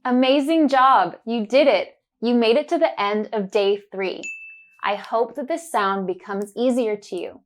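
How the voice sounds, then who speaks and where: A woman teaching a pronunciation lesson, repeating words slowly and clearly and praising the listener with upbeat cheer. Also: a little high. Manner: drawn-out, deliberate word drills with upbeat praise.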